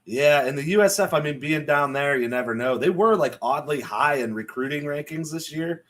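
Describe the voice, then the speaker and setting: A man's voice: fairly high pitch, expressive, normal speed. A man co-hosting a casual sports podcast, chatty and joking as he breaks down college football picks. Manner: chatty, laughs often, joking. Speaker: podcast co-host. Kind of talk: casual sports betting chat.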